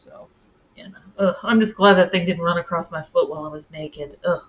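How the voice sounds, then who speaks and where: A woman's voice: lowish voice, fairly quick. A woman telling a personal story in a casual, rambling vlog, full of fillers and restarts. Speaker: vlogger. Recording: tinny, phone-like audio.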